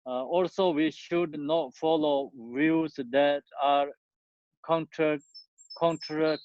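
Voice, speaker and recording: A man teaches the dharma in a slow, unhurried way, pausing often and filling the gaps as he gropes for words in halting, non-native English. His mid-pitched voice comes through a dull, muffled recording. The room sounds dry and close. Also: darkish tone, no room sound. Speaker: Buddhist teacher.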